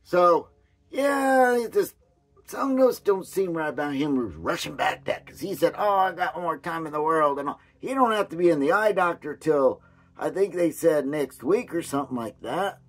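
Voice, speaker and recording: A man rambling through a casual commentary vlog with a hoarse voice, often losing his train of thought. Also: on the high side, lively intonation, normal speed. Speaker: commentary vlogger.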